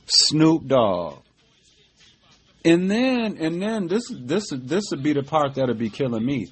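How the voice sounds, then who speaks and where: A man's voice: fairly high pitch, very animated, slow pace, husky. A middle-aged man hosting a podcast, giving casual political commentary in an emphatic, profane, conversational way, with many fillers like "you know what I mean". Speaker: podcast host.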